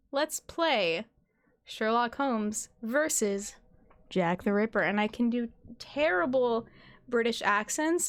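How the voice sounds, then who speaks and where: A high-pitched young woman chatting on a gaming livestream. She giggles often and pokes fun at herself as she talks. Faint music plays underneath her voice. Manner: giggly, chatty, self-deprecating. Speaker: streamer. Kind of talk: casual gaming livestream chat.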